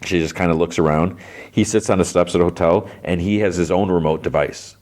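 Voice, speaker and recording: A man with a very low voice recaps a TV episode scene by scene, like a relaxed podcast host. He keeps it loose and conversational, full of "he's like" and quick restarts.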